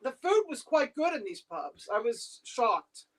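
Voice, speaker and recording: A woman from the United States hosting a casual video-call chat, bubbly and quick to laugh. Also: fairly high pitch, big pitch swings. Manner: bubbly, laughs easily, chatty. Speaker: host.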